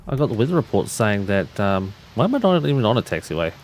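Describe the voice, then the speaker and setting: Very animated and quick, with few pauses, this low-voiced man runs a livestream. He narrates cockpit procedures and chats casually with his audience, frequently starting sentences over.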